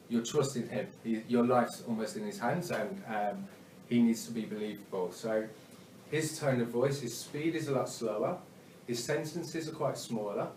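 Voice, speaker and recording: A man's voice: medium pitch, darkish tone, a little hiss or hum. A man giving a sales training talk, hesitant and full of ums and uhs, often checking in with "okay?". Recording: echoey room, mic at a distance.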